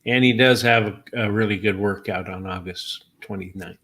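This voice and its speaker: Man, co-host, low pitch, bright timbre, measured, stats-focused. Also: steady tone. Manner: measured, stats-heavy, hesitant fillers. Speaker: racing co-host. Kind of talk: horse racing analysis chat.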